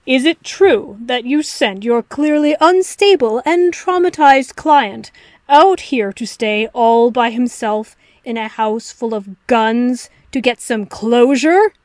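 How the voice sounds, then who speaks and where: A woman voicing a brilliant, arrogant male detective who lectures in a crisp, dismissive way. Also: on the high side, expressive, slow pace, dry recording. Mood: lecturing. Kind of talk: audiobook reading of fan fiction.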